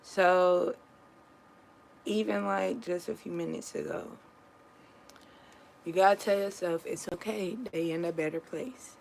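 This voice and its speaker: A woman talking casually to her viewers in an earnest, comforting and reflective way, pausing often and restarting her sentences. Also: lowish voice, steady tone, gravelly, a little hiss or hum, low-quality recording. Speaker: vlogger sharing a personal story.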